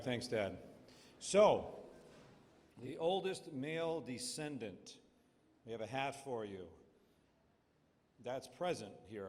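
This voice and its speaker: Middle-aged man, emcee at a gathering, jokey and chatty, voice of middle pitch, long hall reverb. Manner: jokey, chatty, asks the crowd questions. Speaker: reunion emcee handing out awards. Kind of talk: casual emcee talk to a crowd.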